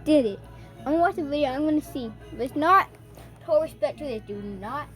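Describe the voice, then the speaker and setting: A woman giving casual, excitable commentary while she reacts to a scary short film, often breaking into jumpy, loud exclamations. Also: high-pitched, fast talker, faint music behind. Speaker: video reactor.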